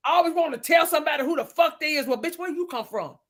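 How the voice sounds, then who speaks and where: Fiery, bright-voiced woman ranting. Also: sits high, fast talker. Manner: heated, cursing, breaks into shouting. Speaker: livestream host. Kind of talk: profane angry ranting chat.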